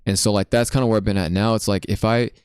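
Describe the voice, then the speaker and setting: Young man, podcast host, quick pace, lowish voice, smooth, slangy and animated. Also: dry recording, clean studio sound. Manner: slangy, animated storytelling with lots of "bro". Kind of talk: casual chat.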